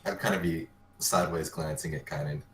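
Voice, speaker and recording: A man playing a tabletop game, deadpan and unhurried. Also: low voice, vocal fry, a crowd in the background. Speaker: player.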